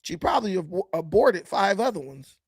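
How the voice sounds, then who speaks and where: A man's voice: high-pitched, big pitch swings, fairly quick, breathy edge. A man giving blunt, combative commentary while reacting to video clips, often mocking the people he watches. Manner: blunt, combative and mocking, with sudden swings in loudness.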